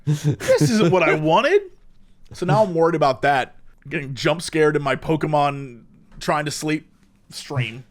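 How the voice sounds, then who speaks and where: A man's voice: fairly high pitch, measured pace. A young man co-hosting a podcast, chatting casually and acting out the voices in his stories. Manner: animated storytelling with mimicked voices. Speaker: podcast co-host. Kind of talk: casual chat.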